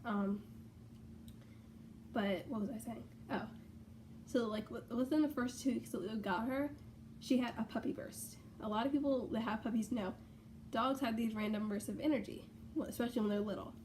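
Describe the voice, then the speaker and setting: Chatty young woman rambling excitedly. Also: a little high, moderate pace, a little hiss or hum. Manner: rambling, filler-heavy, excitable. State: out of breath. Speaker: vlogger. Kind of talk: casual rambling vlog. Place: bedroom at home.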